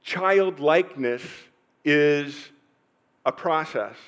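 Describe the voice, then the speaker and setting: Slightly high-voiced middle-aged male pastor preaching. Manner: personal storytelling with pauses and sudden swells in loudness. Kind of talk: sermon.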